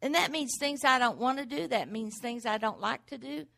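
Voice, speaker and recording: A woman's voice: on the high side, normal speed, vocal fry, sharp tone. A middle-aged woman preaching a sermon, driving points home with rhetorical questions and repeated exhortations.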